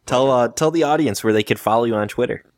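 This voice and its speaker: A man hosting a casual gaming podcast, firing off animated questions and stumbling over his words. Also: medium pitch, fast, no echo. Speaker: podcast host.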